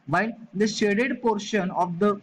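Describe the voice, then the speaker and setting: A man's voice: high-pitched, moderate pace, slight background noise, poor audio. A man with a Marathi accent teaching an engineering class, explaining step by step and often repeating "okay" and "as I said earlier". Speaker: engineering lecturer. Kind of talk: classroom lecture on electrical machines.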